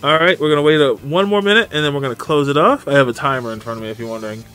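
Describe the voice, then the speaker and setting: A man's voice: fairly high pitch, very fast, fairly bright tone, clear, resonant tone, soft background music. A man streaming a game live, chatting casually and greeting viewers by name as he plays. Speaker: gaming streamer. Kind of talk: live gameplay commentary.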